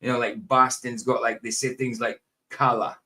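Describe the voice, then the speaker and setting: A man's voice: medium pitch, flat delivery, moderate pace, sharp tone. A British man hosting a casual podcast chat, rambling and laughing often. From United Kingdom. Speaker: podcast host.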